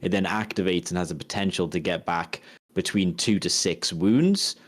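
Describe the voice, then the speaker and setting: A man's voice: deep voice, normal speed. A man co-hosting a casual podcast chat, working through game tactics aloud and restarting his sentences as he goes. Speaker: podcast co-host.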